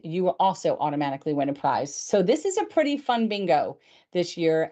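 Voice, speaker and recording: A woman's voice: on the low side, a little mellow. A woman in her fifties hosting a show, talking in a chatty, upbeat way. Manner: chatty and upbeat, with frequent fillers. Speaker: host. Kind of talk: casual chat.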